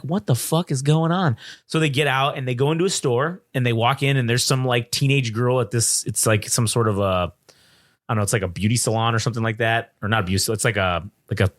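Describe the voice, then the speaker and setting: Dude recapping a movie scene by scene, doing the characters' lines, cursing a lot. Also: male voice, mid-range voice. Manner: animated retelling of scenes, acting out character lines, frequent swearing. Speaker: podcast co-host. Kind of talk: casual film review chat.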